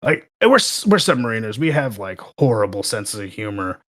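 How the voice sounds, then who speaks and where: A young man, a podcast guest, telling work stories in a sarcastic, animated way during a casual chat. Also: fairly low pitch, brisk.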